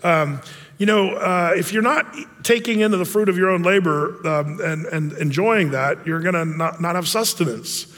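A man's voice: high voice, moderate pace, a bit bright, in a large hall. A middle-aged man from Oregon teaching a men's Bible study in a folksy, rambling way, with many fillers, restarts and humorous asides about his own life. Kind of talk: conversational Bible teaching with personal stories.

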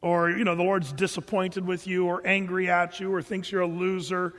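High-voiced man preaching in a reverberant hall. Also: level tone, normal speed, a bit bright. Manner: conversational, enthusiastic, reads scripture aloud. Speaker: pastor. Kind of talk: verse-by-verse Bible teaching.

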